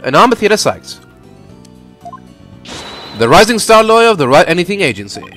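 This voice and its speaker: A man voicing an energetic young woman lawyer who complains in quick, exasperated bursts. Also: high voice, soft background music. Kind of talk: fan voice-over of a video game.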